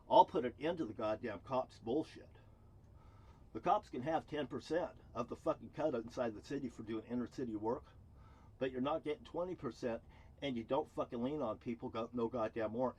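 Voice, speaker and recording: A man delivering an angry, profane rant to camera as a vlogger. He swings between loud outbursts and low muttering, recorded outdoors near a cruise ship terminal. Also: husky.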